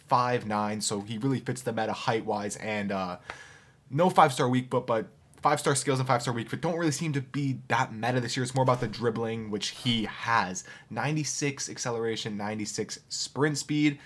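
A man reviewing a football video game card and then commentating his own matches, growing excitable and shouting and groaning at near misses. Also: medium pitch, husky. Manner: addresses viewers as boys. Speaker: gaming YouTuber. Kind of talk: player review and live gameplay commentary.

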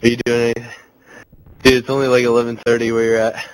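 A man's voice: mid-range voice, monotone, quick pace, slight background noise, low-quality recording. A drunk young man in casual gaming chat, giggling and rambling in a slurred voice. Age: young adult. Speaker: gamer on voice chat.

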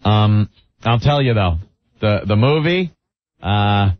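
Lively sardonic man on dry lo-fi radio. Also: lowish voice, slow, no room sound. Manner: sardonic, jokey asides. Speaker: radio co-host. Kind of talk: casual radio banter. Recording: dry, muffled lo-fi radio broadcast.

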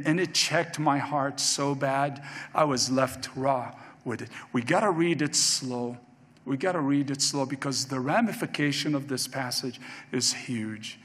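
A pastor delivers a sermon in a church sanctuary, his voice fairly high and fairly bright. He is emphatic, repeating key phrases to give them weight, and the recording echoes through a reverberant hall.

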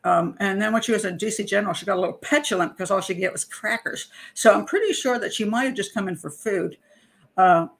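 A woman's voice: mid-range voice, gravelly. Chatty woman telling a story with laughs. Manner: chatty, laughs often, acts out quotes. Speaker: criminal profiler and show host. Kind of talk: casual storytelling monologue.

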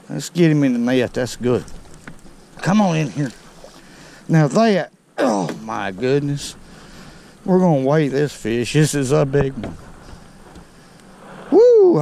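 A man, fishing outdoors from a boat on a lake and talking viewers through it in a folksy, excitable way. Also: a little high, a little hiss or hum. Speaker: fishing vlogger. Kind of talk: casual on-the-water commentary.

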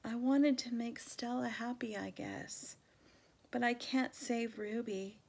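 A woman's voice: fairly high pitch, steady tone, slow pace, creaky, darkish tone, voice pushed up, heavily acted. Woman voicing a weary silverback gorilla. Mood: subdued.

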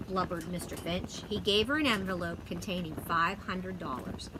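A woman's voice: fairly low pitch, steady tone, moderate pace. A woman reading a children's chapter book aloud outdoors in a friendly, chatty way. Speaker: storybook reader. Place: outdoors by a fire. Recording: loud outdoor noise. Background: wind and a barking dog.

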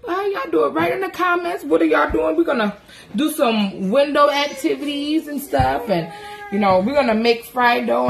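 Lively high-voiced mom vlogger. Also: female voice, background noise. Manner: animated, joking, laughs through her words. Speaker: mother and vlogger. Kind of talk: casual chat to camera.

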